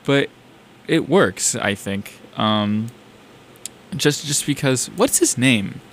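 A man's voice: mid-range voice, animated, takes it slowly, slight background noise. A young man from South Carolina hosting a music show, chatting in a rambling, enthusiastic way about songs he just played. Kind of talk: casual music radio chat.

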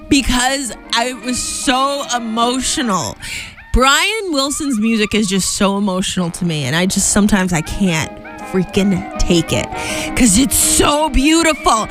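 A young woman hosting a college radio show, talking in a gushing, excitable way with frequent laughs. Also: a little high. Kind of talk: casual on-air chat. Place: radio studio. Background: jazz music playing behind.

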